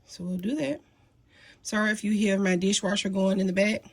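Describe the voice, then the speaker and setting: A woman's voice: mid-range voice, fairly even intonation, fairly quick. Chatty sniffly woman teaching sewing. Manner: chatty, folksy, apologetic asides. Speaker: sewing tutorial host. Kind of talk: casual sewing tutorial. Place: home sewing room. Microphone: phone mounted near sewing machine.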